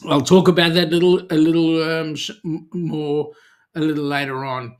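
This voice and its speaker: A man's voice: on the high side, moderate pace. An Australian man hosting a charity channel livestream in a casual, chatty way, reading viewer comments aloud and answering them.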